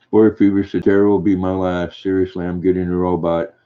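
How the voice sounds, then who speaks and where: An older man hosting a livestream, reading viewer comments aloud and answering them in a gentle, folksy way. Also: low voice, flat delivery, brisk. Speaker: livestream host reading chat. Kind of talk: casual chat. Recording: dull lo-fi stream audio.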